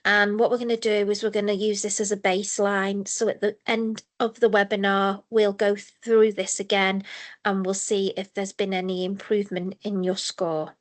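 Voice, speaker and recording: A woman runs through an online presentation for parents and staff. Her pitch sits in an ordinary middle range. She talks in a measured, explanatory way, pausing now and then on a filler. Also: level tone. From England. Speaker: mental health service lead presenting a webinar. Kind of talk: scripted webinar presentation.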